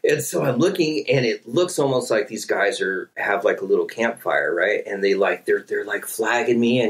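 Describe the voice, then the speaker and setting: A man's voice: fairly low pitch, normal speed, hardly any pauses. A man telling a long story in casual talk, swearing often and acting out what people said. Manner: animated, profane, acts out quotes with voices. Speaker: podcast guest telling a story.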